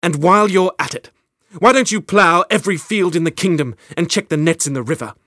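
A man's voice: a little high, brisk, a bit bright, dry recording, clean studio sound, pitched above the performer's own voice, natural voice. A man reading an audiobook, voicing a young queen who speaks with cutting sarcasm and a raised voice. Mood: sarcastic. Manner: cutting sarcasm, rising to cries. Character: young adult queen, sharp-tongued and fierce.

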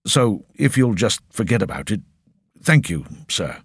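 Gruff nervous old officer dodging questions, polite sir-this sir-that, man reading it, a bit louder. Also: lowish voice, big pitch swings, unhurried, no echo, clean studio sound, heavily acted. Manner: deferential but evasive. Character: gruff older male warrant officer, nervous and evasive.

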